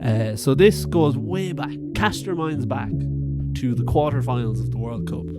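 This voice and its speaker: A man's voice: mid-range voice, expressive, normal speed, over loud music. A young man co-hosting a podcast in casual chat, laughing often and reading messages aloud. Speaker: podcast co-host.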